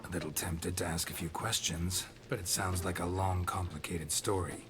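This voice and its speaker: An actor playing a terse gruff monster hunter. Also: male voice, steady tone, normal speed, close to an everyday voice. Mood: curt. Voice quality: very deep, terse clipped phrases. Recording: game audio with loud music behind.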